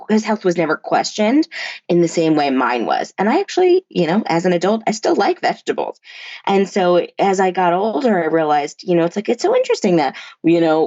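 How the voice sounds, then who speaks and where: A woman's voice: on the low side, darkish tone, dry recording. A woman therapist talking as a podcast guest, telling her story frankly with many fillers and restarts. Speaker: therapist and body-image coach, podcast guest. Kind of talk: candid conversational storytelling. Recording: dull lo-fi remote recording.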